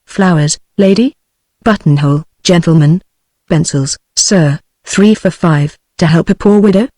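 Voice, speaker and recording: A woman's voice: fairly low pitch, unhurried, mellow, no echo. A synthetic woman's voice with a British accent, reading the lines of a witty, theatrical young society woman in a text-to-speech audiobook. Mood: bantering. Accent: British English.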